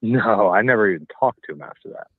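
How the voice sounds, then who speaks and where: A man's voice: on the low side, expressive, quick pace, breathy edge, no echo. A man in his thirties, a caller being interviewed by phone, rambling loosely with lots of filler. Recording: tinny phone line.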